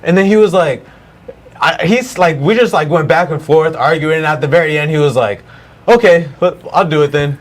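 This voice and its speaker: Animated, swearing man telling a story. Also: on the high side, normal speed. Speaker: podcast co-host. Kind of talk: casual chat.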